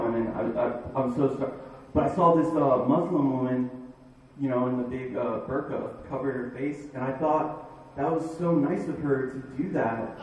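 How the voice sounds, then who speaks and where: A man from Florida doing a stand-up comedy set in a dive bar, with a halting, rambling delivery full of fillers. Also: mid-range voice, a little mellow, heavy reverb, distant mic, muffled recording, a little hiss or hum. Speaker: stand-up comic.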